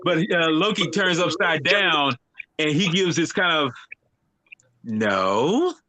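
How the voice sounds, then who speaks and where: A man's voice: fairly high pitch, measured pace, dry recording. A man co-hosting a podcast, chatting casually and laughing as he recaps an anime episode. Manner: animated, laughing storyteller with fillers. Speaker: podcast co-host.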